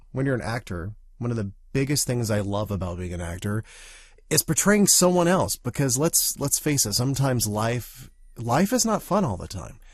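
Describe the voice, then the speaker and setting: Animated male podcast co-host. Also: medium pitch, dry recording, clean studio sound. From Southern United States. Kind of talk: casual podcast chat.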